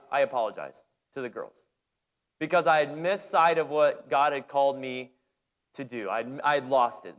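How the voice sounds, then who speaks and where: Male pastor, higher-pitched voice, lively storyteller, repeats himself when excited. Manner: animated storytelling, shouting when reliving the game, many restarts. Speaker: pastor and girls' basketball coach. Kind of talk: sermon with personal story.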